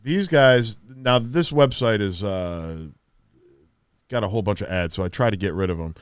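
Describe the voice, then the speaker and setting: A man hosting a casual podcast, halting and repeating himself, often laughing. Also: fairly low pitch, smooth, no echo. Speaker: podcast host.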